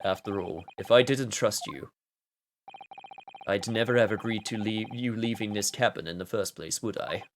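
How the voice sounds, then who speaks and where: A man reading detective-game dialogue aloud and voicing its polite, calm characters in a soft, measured, formal way. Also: lowish voice, a little hiss or hum, pitched below the performer's own voice, lightly acted.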